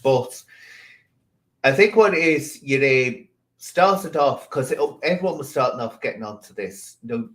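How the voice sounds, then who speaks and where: A man's voice: medium pitch, lively intonation, measured pace, fairly bright tone, poor audio. Teasing man hosting a livestream chat. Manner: sarcastic, teasing. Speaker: livestream host.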